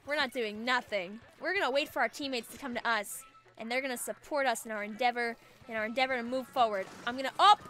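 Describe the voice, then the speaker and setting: A woman giving chatty let's-play commentary while she plays, excitable and laughing often, with faint game music behind her. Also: high-pitched. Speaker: gaming video creator.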